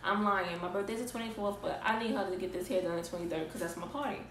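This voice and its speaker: Brief: young woman vlogger, casual animated storyteller, set back from the mic in an echoey room. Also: medium pitch, fast, slight background noise. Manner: casual, slangy, animated retelling. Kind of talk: storytime vlog. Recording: roomy echo, distant mic.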